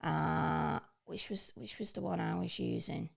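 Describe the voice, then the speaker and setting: A woman's voice: fairly low pitch, fairly even intonation, a little slow, vocal fry. A woman giving a casual, chatty tutorial, upbeat and full of ums and uhs. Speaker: online training presenter. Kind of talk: casual screen-share tutorial.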